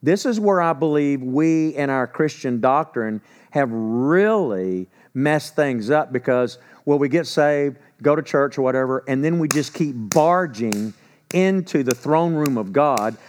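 A man's voice: medium pitch, animated, unhurried, a little hiss or hum. A man preaching a sermon in a conversational, emphatic way. He asks rhetorical questions and acts out quoted speech in a casual voice. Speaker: pastor.

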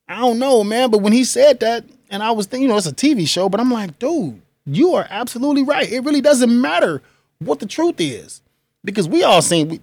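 A man with a high, somewhat dark voice hosts a podcast in a dry room with no echo. He's an adult with kids, giving casual solo commentary in an emphatic way, tossing in slangy asides and laughing often.

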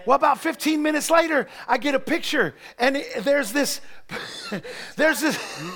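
A middle-aged man, preaching in church with folksy joking stories that build to shouted preaching. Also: extremely high pitch, expressive, measured pace. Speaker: pastor. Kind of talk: sermon.

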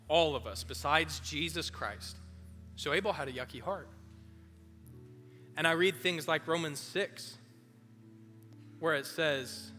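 A youth pastor preaching a sermon in a casual, animated way, talking straight to the room. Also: male voice, on the high side. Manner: animated, casual, direct address. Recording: long hall reverb, faint music.

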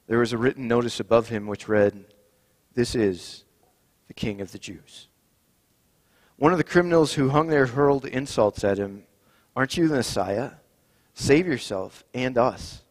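A man leading a communion service as pastor, reading Scripture and praying in a measured, solemn way. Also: medium pitch, animated. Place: church sanctuary. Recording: long reverb in a church.

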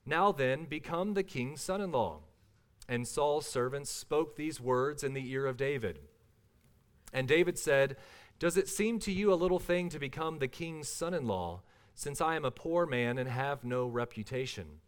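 Man reading scripture, measured sermon. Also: mid-range voice. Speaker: pastor.

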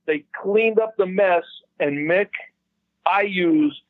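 A special effects man telling a story in a casual, animated way and acting out the people he quotes. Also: high-pitched, slow, dry recording. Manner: animated, acts out quoted voices, swears casually. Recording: dull dry lo-fi sound.

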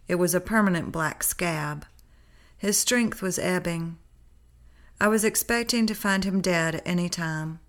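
A woman telling a personal memoir in a calm, unhurried storytelling voice. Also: fairly low pitch. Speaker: narrator. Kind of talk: memoir read-aloud narration.

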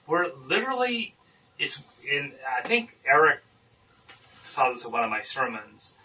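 A man leading a Bible study discussion, explaining scripture in an emphatic, animated teaching manner. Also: mid-range voice. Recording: distant mic with faint noise.

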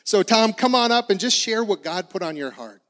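A man's voice: high-pitched, expressive, moderate pace, a bit bright, big-room sound. A man in his forties preaching a sermon in an earnest, conversational way. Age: 40s. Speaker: pastor.

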